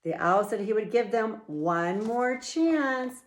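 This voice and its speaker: A middle-aged woman and children's author reading her picture book aloud, with slow, playful, expressive storytelling. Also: fairly high pitch.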